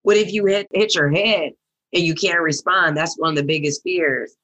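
A man's voice: fairly high pitch, steady tone, moderate pace, sharp tone, highs cut off. A man interviewing a guest, supportive, often finishing the guest's sentences. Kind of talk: conversational interview.

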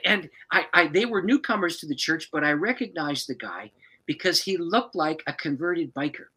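Animated storytelling pastor, husky man. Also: a little high, normal speed, poor audio. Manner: animated storyteller, chuckles often. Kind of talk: telling a personal story as a podcast guest.

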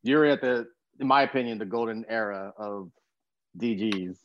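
A man's voice: fairly low pitch, moderate pace, no echo, lo-fi sound. Laid-back young man hosting, dry sound. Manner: laid-back, slangy, jokey. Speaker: podcast host. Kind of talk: casual interview chat.

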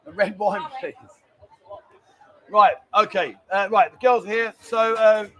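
A man's voice: high-pitched, measured pace, sharp tone, low-quality recording. A middle-aged man hosting a live stream, chatty and bantering as he rambles along. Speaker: livestream host. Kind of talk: casual live-stream chat.

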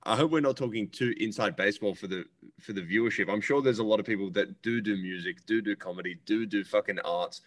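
Man, low voice, casual podcast chat, animated and sweary. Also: fast. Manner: animated storyteller who swears freely and acts out other people. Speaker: comedian co-host.

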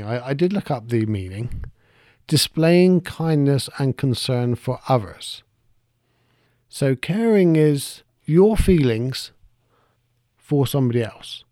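Mellow man musing on a podcast. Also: medium pitch, dry recording, studio quality. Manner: reflective, explains step by step, thinks aloud. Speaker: podcast host. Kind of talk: solo podcast monologue.

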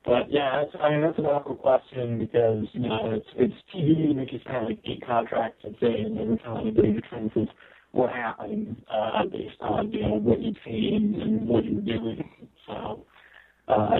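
A man's voice: high-pitched, fairly even intonation, moderate pace, creaky, slightly rough. A man who works as a game developer, calling in as a guest on a radio show and rambling casually with lots of filler. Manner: rambling, lots of "you know" and restarts. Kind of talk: casual call-in chat. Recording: tinny internet call line.

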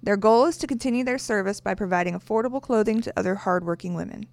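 A woman co-host, hoarse from screaming the day before, reading a sponsor spot quickly. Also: medium pitch, darkish tone, no echo. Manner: playful, reads ads briskly. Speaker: podcast co-host. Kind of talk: casual banter and read sponsor spots.

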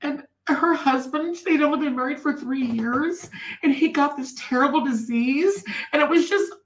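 A woman voicing an upset, tearful middle-aged woman patient in a waiting room, speaking higher than her own voice. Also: normal speed, distant mic. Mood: distraught. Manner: upset, pleading.

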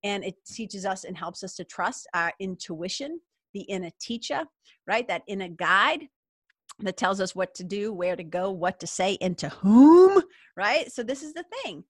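A woman's voice: mid-range voice, animated, normal speed, bright, forceful tone, dry recording. A middle-aged woman hosting a casual spiritual talk show, chatty and upbeat. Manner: chatty and upbeat, peppered with "like" and laughs. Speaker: podcast host.

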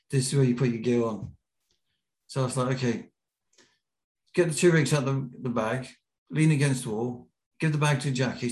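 A British man, a podcast guest, telling a lively anecdote and acting out the quotes. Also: medium pitch. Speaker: podcast guest, BASE jumper. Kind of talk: storytelling in an interview. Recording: roomy echo.

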